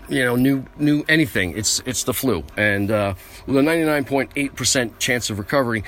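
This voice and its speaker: A man's voice: medium pitch, a bit bright. A man hosting his own podcast, ranting in a boastful, brash, self-aggrandizing way from a small vehicle used as a mobile studio. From United States. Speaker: podcast host. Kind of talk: rambling comic rant.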